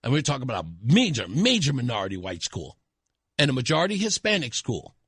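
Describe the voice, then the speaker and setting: A man's voice: mid-range voice, huge pitch swings, fast talker, a bit bright, husky, no room sound, clean studio sound. A man hosting a talk radio show, delivering an indignant, emphatic opinion monologue.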